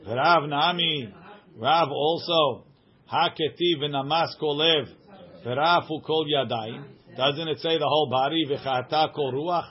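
A man teaching a small study group reads aloud and translates each line as he goes. He often asks "right?" and his voice sits a little high. The recording sounds dull and lo-fi. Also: a little slow. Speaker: Talmud teacher.

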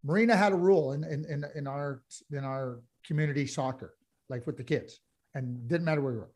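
High-voiced man ranting passionately. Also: a little fast, darkish tone. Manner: passionate ranting, frequent restarts. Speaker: podcast co-host. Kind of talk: casual hockey chat.

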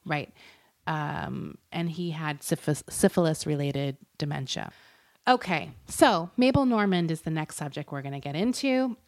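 A woman's voice: low-pitched, animated, unhurried. A woman co-hosting a podcast, retelling a true-crime story in casual, rambling chat and laughing often. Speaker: podcast co-host.

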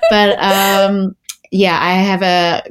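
A woman's voice: medium pitch, little pitch movement, takes it slowly, clean tone. A young Australian woman from Melbourne, chatting as an interview guest with lots of fillers and restarts. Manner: chatty, many fillers and restarts, laughs easily. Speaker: guest, model. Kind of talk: casual interview chat.

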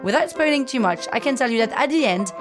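A woman's voice: on the high side, animated, quick pace, over music. A woman, telling wry, self-mocking comic stories as a podcast host. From France. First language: French. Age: 30s. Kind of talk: comic storytelling.

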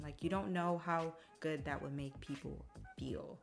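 A young woman with a low voice talks through a personal update on her podcast, chatty and open. She slips into lively voices when she repeats what friends and family said. Soft music plays faintly underneath. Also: normal speed, creaky, hardly any pauses. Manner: chatty, emotional, quotes others in animated voices. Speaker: podcast host. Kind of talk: casual personal monologue.

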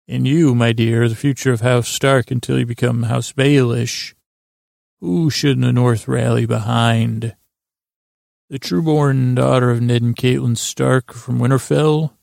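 A scheming, persuasive male lord with a heavily gravelly voice, read out by a man. His delivery stays flat and measured. The sound is dry and close to the mic. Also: medium pitch, no room sound.

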